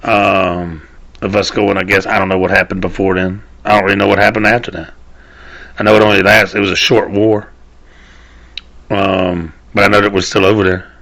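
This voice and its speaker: This man hosts a podcast and delivers a casual solo rant full of swearing and meandering, frequently losing his thread and restarting. He's from the Southern United States, speaking at a normal speed in a low, flat voice that's a bit bright.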